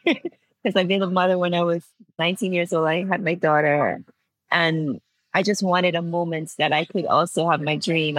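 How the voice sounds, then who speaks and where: A woman in her forties from Antigua talks through her memories in an Antiguan accent, sincere and openly emotional, laughing as she goes. Her voice sits a little low. The sound is dry and close, with no room around it. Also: dry recording, low-quality recording. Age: 40s. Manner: heartfelt storytelling, laughs often. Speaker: guest. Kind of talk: interview conversation.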